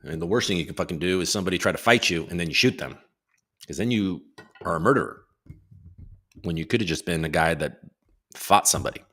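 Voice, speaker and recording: A man's voice: low voice, fast, long pauses, a bit bright. A man hosting his own livestream, chatting loosely about markets and reading out viewer comments, swearing now and then. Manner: rambling, loose, swears casually. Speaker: livestream host.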